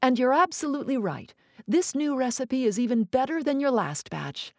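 A decisive, amused cookbook writer, voiced by a woman reading an audiobook, a touch higher than the narration. She sounds lively and sure of her taste. The sound is dry and close. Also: moderate pace, dry recording, full character voice. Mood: delighted.

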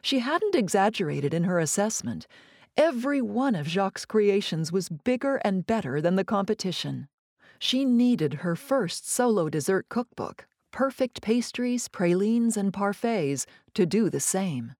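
A woman narrating an audiobook in a playful, savoring manner, with teasing pauses, on a close studio mic. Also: mid-range voice, very animated, a little mellow, no room sound.

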